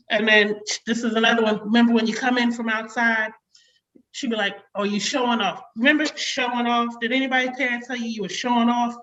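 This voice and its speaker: A woman in her forties doing a chatty stand-up comedy set over a video call, slipping into sharp quotes of a stern mother. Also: fairly high pitch, dull audio. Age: 40s.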